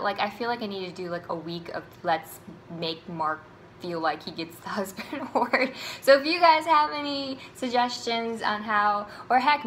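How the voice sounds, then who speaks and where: A young woman recapping her race in a casual vlog, chatty and animated, swearing and laughing freely. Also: medium pitch, a little hiss or hum, rough recording. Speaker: running vlogger.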